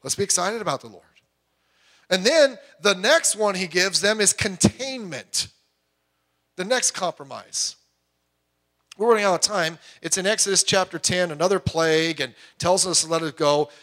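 Middle-aged male pastor with a high voice; emphatic preaching that drops to quiet asides. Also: lively intonation, moderate pace. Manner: emphatic, swings between loud urging and quiet asides. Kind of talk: sermon.

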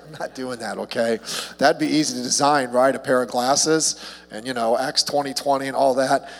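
A man preaching a casual evening sermon as a pastor, chatty and humorous, with his voice jumping higher when he gets excited about a story. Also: normal speed, gravelly. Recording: long hall reverb.

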